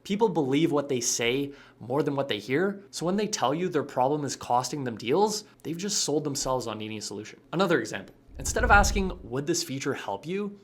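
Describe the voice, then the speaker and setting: A man's voice: medium pitch, animated, fairly quick, few pauses. A man giving scripted sales coaching narration with a punchy, emphatic delivery. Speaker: sales trainer.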